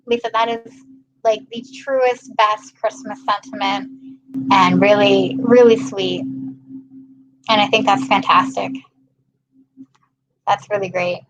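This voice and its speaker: A woman's voice: medium pitch, fairly even intonation, slow, long pauses, noisy background. A young American woman from Maryland hosting a casual livestream, chatting and reading viewer comments with frequent laughs. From Maryland, USA. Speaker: livestream host.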